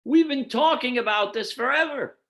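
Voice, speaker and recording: A rabbi teaches a Torah class in an explanatory lecture, asking rhetorical questions and answering them as he walks listeners through numbered source texts. His voice is very high-pitched and fairly bright, and he speaks at a normal speed.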